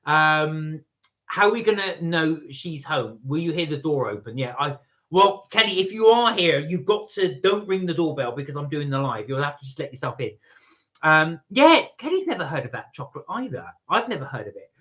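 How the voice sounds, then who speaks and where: A chatty man with a fairly high voice talks through a casual live stream. He rambles, reads viewer messages aloud and reacts as he goes. The stream audio is muffled and lo-fi. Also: sing-song, moderate pace, pushed and bright.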